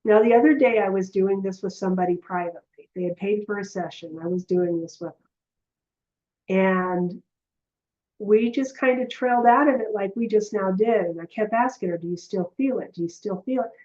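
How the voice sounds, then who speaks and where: A woman of middle pitch leading a live online lesson, telling stories with animation and often speaking straight to her viewers. Her voice sits in an ordinary, even register. The recording sounds a little dull and muffled. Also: moderate pace. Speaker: energy healer and heart coherence teacher. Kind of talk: live online teaching session.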